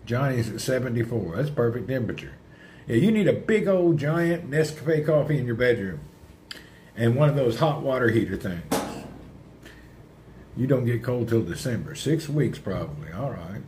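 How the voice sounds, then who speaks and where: A man's voice: medium pitch, lively intonation, normal speed, a little mellow, a little hiss or hum. Chatty man rambling on a livestream. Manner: rambling, chatty, answers viewer comments aloud. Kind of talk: casual livestream chat with viewers.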